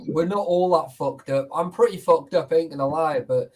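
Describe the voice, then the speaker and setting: A man's voice: a little high, normal speed, darkish tone. A man guesting on a casual livestream chat, telling blunt, sweary anecdotes full of "right?" asides.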